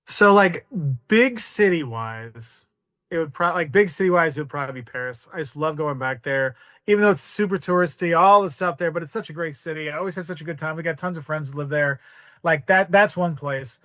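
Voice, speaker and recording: A man's voice: fairly high pitch, quick pace, fairly bright tone, no room sound, clean studio sound. A man in his forties, a guest on a podcast, rambling through travel stories and acting out voices in quotes. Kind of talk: casual storytelling.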